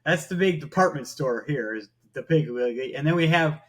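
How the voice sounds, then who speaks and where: A man's voice: on the high side, lively intonation, brisk. Teasing man with a raised voice. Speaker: podcast co-host. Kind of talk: casual chat.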